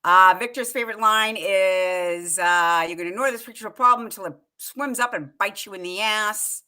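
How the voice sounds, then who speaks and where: Bright-voiced woman chatting casually. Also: mid-range voice, normal speed, smooth. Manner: animated, quotes movie lines and laughs often. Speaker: co-host. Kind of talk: casual fan chat. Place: live online show.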